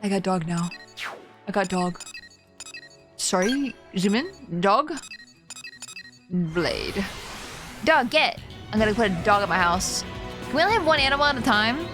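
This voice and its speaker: A young woman streaming a video game, chatting casually with her viewers, excitable and giggly as she reacts to what happens on screen. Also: mid-range voice, a little slow, pauses often, over music. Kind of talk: casual gameplay commentary.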